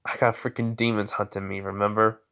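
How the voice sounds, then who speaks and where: A man's voice: on the low side, little pitch movement, brisk, creaky, a bit bright, clear, resonant tone. A man voicing a cocky, blunt young male swordsman in a fan story, talking in an offhand, teasing way.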